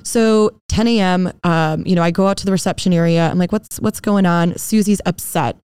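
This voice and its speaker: A woman's voice: fairly low pitch, fairly quick, a little mellow, clear, resonant tone, no echo. A woman guest on a dental podcast, chatting casually and acting out the people in her stories. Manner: storytelling, acts out quoted dialogue.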